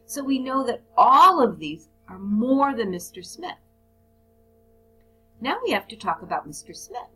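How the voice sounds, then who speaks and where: A woman's voice: medium pitch, a bit bright, rough recording. Woman teaching business English. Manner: reads example sentences aloud, then explains them. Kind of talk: recorded lesson on report writing.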